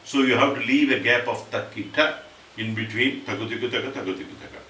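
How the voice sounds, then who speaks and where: A man teaching Carnatic rhythm, explaining step by step and reciting rhythm syllables loudly and fast. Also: medium pitch, slight background noise. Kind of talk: spoken music lesson with recited rhythm syllables. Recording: roomy, distant mic, faint ambience.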